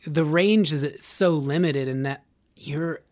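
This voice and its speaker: A podcast host rambles at length in casual chat, using a medium-pitched, slightly dark voice and taking it slowly. To make points, he briefly slips into short put-on voices.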